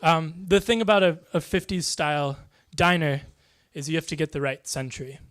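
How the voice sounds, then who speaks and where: Dry-voiced stand-up man, fairly high. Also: moderate pace, a bit bright. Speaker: stand-up comedian. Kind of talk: deadpan one-liner stand-up.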